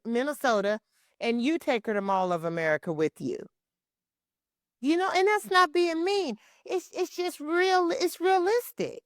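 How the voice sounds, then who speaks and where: A woman's voice: fairly high pitch, dry recording, clean studio sound. A woman hosting a podcast, frankly answering a listener's letter about caring for a parent and checking in with "okay?". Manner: frank, conversational, asks rhetorical questions and adds "okay?". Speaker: podcast host and caregiving advisor. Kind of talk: direct advice talk answering a listener letter. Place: Texas.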